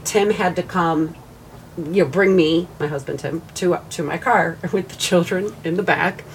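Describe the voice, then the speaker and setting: A woman's voice: fairly low pitch, measured pace, a little hiss or hum. A woman co-hosting a podcast, telling a story in casual chat, laughing, swearing and quoting others. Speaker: podcast co-host.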